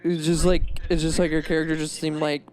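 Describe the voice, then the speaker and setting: A young man in a casual film review chat, talking in halting bits with many restarts. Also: a little high, level tone, a little mellow.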